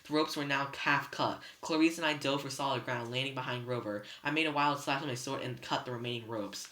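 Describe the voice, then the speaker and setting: A reader narrating a novel chapter aloud in first person, steady but with slips and restarts. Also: medium pitch, a little fast. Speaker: student reader. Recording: roomy echo.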